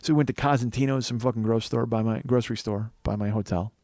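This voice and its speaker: A man's voice: medium pitch, steady tone, racing, darkish tone, dry recording, clean studio sound. Profane rambling man telling a story. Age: 40s. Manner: profane, rambling, frequent self-corrections. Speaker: podcast host. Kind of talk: comedic storytelling monologue.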